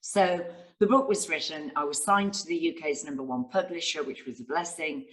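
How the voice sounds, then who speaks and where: Female success coach, low register, enthusiastic storyteller. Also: normal speed, rough recording. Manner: enthusiastic, storytelling, acts out quotes. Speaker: guest speaker and success coach. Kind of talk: interview answers.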